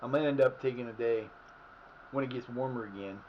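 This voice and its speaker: A hoarse man streaming live at home who is losing his voice, rambling and swearing at his team as he plays a soccer management game. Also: mid-range voice, fast talker, muffled recording, noisy background. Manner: rambling, cursing at the players. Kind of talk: live gameplay commentary. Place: his house.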